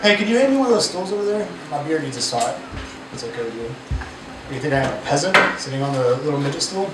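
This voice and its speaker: A man's voice: on the high side, sing-song, quick pace. A young man from the Mississippi Gulf Coast performing a casual, profane stand-up set full of fillers, in a bar with a live audience. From Mississippi Gulf Coast, USA. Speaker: stand-up comedian. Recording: echoey, distant, noisy live bar recording. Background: room ambience and crowd noise.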